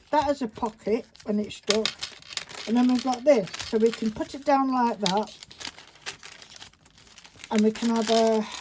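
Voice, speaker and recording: A woman with a voice on the high side and a darkish tone chats casually while demonstrating a paper craft project, rambling and talking to herself as she works. She's recorded on a phone camera indoors at a craft table, with faint background noise and paper crinkling.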